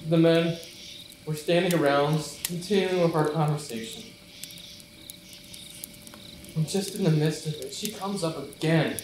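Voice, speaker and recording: A man's voice: fairly high pitch, normal speed, a little mellow, slight background noise, close to an everyday voice. A man playing a remorseful apostle Peter in an earnest stage monologue, telling his story in the first person. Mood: tense. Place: church stage. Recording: echoey church hall, mic far off.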